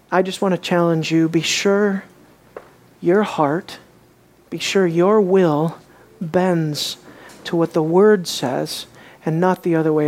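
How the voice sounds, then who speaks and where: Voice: medium pitch, a little mellow. A preacher giving an expository sermon in a conversational way, asking the audience many rhetorical questions and repeating phrases for emphasis.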